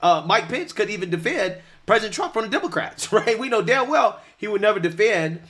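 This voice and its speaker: A man's voice: high voice, animated, fairly quick, a bit bright. A man giving casual political commentary, often laughing lightly and asking "right?" as he goes. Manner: chuckles through his points, tags lines with "right?".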